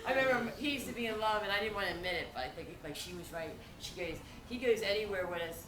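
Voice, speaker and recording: Performing stand-up at a fundraiser, a young woman talks fast at a medium pitch over a noisy crowd, laughing as she rambles through her funny stories. The event venue sounds echoey, the mic is far away, and the noise is loud.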